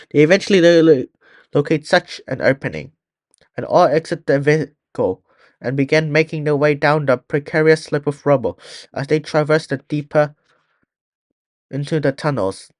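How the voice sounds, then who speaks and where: A man's voice: on the high side, no room sound, studio quality. A man reading a fan-written story aloud in a plain way, often restarting words. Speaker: story reader.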